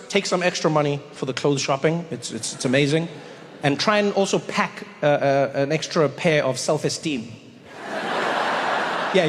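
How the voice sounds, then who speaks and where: Man doing stand-up, animated storytelling, repeats himself, high voice, big echoey hall. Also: a little hiss or hum. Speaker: stand-up comedian. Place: comedy stage in a large hall. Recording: echoey hall with faint ambience.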